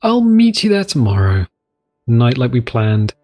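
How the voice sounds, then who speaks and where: A man's voice: medium pitch, sing-song, measured pace, a little mellow. A man reading a game note aloud in a raised voice as a young woman writing to her secret sweetheart. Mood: lovestruck.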